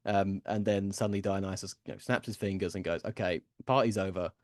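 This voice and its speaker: A man's voice: low voice, level tone, quick pace, no echo, studio quality. A man giving a casual, rambling seminar lecture, with frequent ums and restarts.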